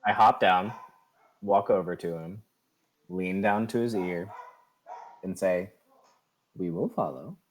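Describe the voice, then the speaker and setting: A man's voice: deep voice, fairly even intonation, takes it slowly, long pauses, slight background noise. A man playing a tabletop game, casually describing his character's actions. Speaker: player.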